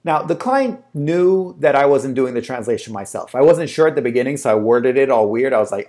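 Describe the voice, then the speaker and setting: A man's voice: mid-range voice, lively intonation, fairly quick, few pauses, a little mellow. A man who works as a translator, talking casually to camera and telling a story in a chatty way with plenty of fillers. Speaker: translator and agency owner.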